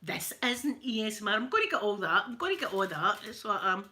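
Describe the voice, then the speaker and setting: Bright-voiced chatty Glaswegian woman. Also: medium pitch, sing-song, fairly quick. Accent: Scottish, Glaswegian. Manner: chatty and jokey, laughs often. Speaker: ASMR creator. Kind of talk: casual chat. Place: at home, ironing.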